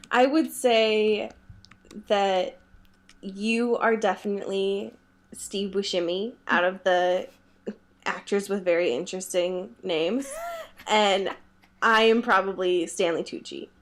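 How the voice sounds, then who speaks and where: A woman's voice: medium pitch, slow pace, long pauses. A woman co-hosting a podcast, chatting casually about a book, giggling often and peppering her talk with "like". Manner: giggly, animated retelling with lots of "like". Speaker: podcast co-host. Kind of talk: casual book-club chat.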